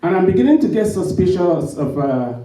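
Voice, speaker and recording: A man giving a humorous storytelling talk at a conference, acting out quoted dialogue in an animated way. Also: high-pitched, fairly quick, slight background noise. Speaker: conference speaker. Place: conference hall. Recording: roomy hall from a distant mic.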